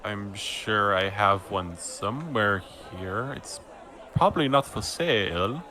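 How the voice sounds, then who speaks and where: A man's voice: on the low side, expressive, slow pace, sharp tone, a faint crowd, a little hiss or hum, full character voice. A man doing a nervous friendly half-orc carpenter. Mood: apologetic. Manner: apologetic, easygoing, a bit awkward.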